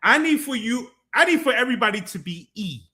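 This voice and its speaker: A man's voice: extremely high pitch, very animated, fairly quick, sharp tone. A man co-hosting a live show, teasing and laughing through casual banter. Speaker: co-host.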